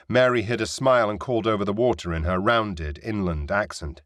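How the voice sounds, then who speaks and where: A man reading a fantasy audiobook in a measured, descriptive narration. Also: fairly low pitch, fairly bright tone, dry recording, studio quality.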